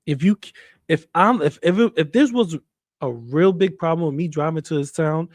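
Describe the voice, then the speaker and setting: Heated ranting man, fairly high voice. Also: a little mellow, no echo, studio quality. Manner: heated, repetitive, trash-talking, swears. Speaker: commentary streamer. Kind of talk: ranting commentary.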